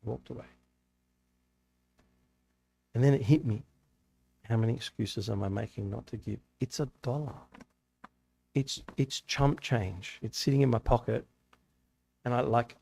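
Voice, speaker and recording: A man's voice: mid-range voice, steady tone, normal speed, gravelly, darkish tone. A man giving a casual, conversational sermon to a youth group, telling stories and asking rhetorical questions. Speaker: youth meeting speaker. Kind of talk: casual sermon to young people. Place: church hall.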